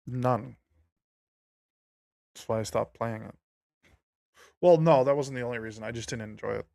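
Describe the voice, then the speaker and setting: A man in casual gaming chat, talking in a low-key, mumbled way. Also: moderate pace, vocal fry, darkish tone, no room sound, studio quality.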